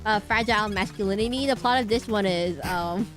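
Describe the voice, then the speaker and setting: A woman's voice: medium pitch, a little fast, soft background music. A woman streamer chatting casually and rambling while she plays a game. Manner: rambling, chatty, lots of fillers and restarts.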